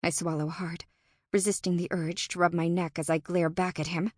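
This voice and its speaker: A woman narrating a first-person fantasy audiobook in an expressive, tense and dramatic manner. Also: lowish voice, normal speed, no room sound, studio quality.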